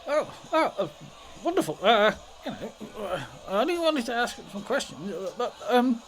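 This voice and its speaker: A woman's voice: on the high side, sing-song, moderate pace, low-quality recording. A British woman playing a tabletop game, hesitant and polite, fumbling for words. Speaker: player.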